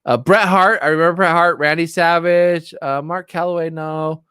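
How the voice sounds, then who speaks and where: Excitable rambling middle-aged man. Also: fairly high pitch, normal speed, smooth, no echo, clean studio sound. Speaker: livestream host. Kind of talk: casual livestream chat. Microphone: streaming setup, close mic.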